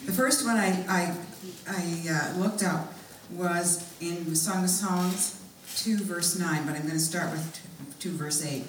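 A woman's voice: fairly low pitch, slight background noise. Woman preaching in an echoey hall. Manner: earnest storytelling, reads scripture slowly and expressively. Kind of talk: sermon testimony. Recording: echoey room, mic far off.

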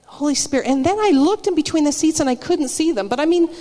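A woman's voice: high voice, expressive, fast, mellow, long reverb tail. A woman giving a casual spoken sermon, telling personal stories in a chatty way with frequent restarts. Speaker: church speaker.

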